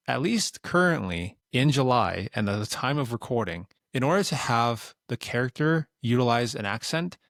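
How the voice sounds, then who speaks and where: A man giving a relaxed, plain-spoken tutorial explanation as a voice-over. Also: medium pitch, dry recording, studio quality. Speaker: tutorial creator. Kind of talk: instructional screen-recording explanation.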